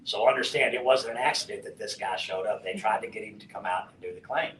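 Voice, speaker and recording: Middle-aged man, low voice, profane storyteller, roomy hall, distant mic, faint rumble. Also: fast. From West Texas. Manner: profane, animated storyteller acting out dialogue. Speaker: conference speaker. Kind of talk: storytelling talk to an audience. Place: conference hall.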